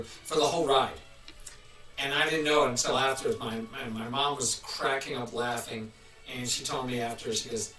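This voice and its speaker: Chatty man with a bright voice, rambling live. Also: medium pitch, fairly even intonation, a little fast, soft background music. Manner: rambling, chatty, restarts often. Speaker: live-stream host. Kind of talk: casual live-stream chat. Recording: roomy, mic at a distance.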